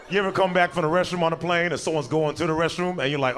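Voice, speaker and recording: A man works a comedy club stage into a handheld mic, his voice sitting a little high and often leaping even higher as he acts out other people. The crowd's laughter and room noise come through clearly behind him. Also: fast talker, few pauses. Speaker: stand-up comedian. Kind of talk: stand-up comedy set. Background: audience laughter.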